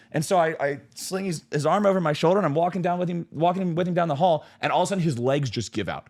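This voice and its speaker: A man's voice: a little high, fast. A young man co-hosting a casual podcast, telling a long story with plenty of swearing and acted-out voices. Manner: animated storyteller, swears freely, acts out quoted voices. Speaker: podcast co-host.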